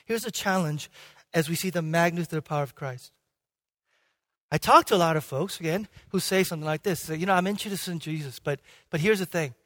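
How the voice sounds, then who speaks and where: A male pastor preaching a sermon with emphatic swings between loud and hushed delivery, and frequent restarts. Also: a little high, brisk. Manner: frequent restarts and "okay?" checks. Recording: long hall reverb.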